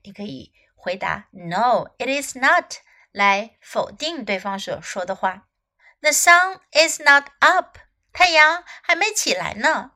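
A woman whose first language is Chinese, teaching a bilingual English lesson for children, repeating each phrase slowly and then translating it. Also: sits high, pushed and bright.

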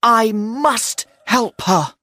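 A man voicing a brave adult male sailor in a storybook reading, slow and eager. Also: extremely high pitch, expressive, bright, forceful tone, no echo, studio quality, voice pushed up, full character voice. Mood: friendly.

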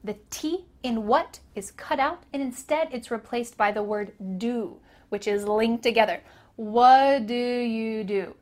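American woman, young, english pronunciation teacher, slightly high voice, slow repeated drills. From North America. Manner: slow drilled repetitions, light laughs. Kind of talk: spoken English lesson.

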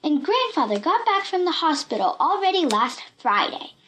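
A woman voicing a cheeky red-haired girl who tells tall tales in a shrill, playful voice in a storybook reading. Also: big pitch swings, moderate pace, fairly bright tone, slight background noise. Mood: fibbing. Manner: shrill, playful, fibbing with a straight face.

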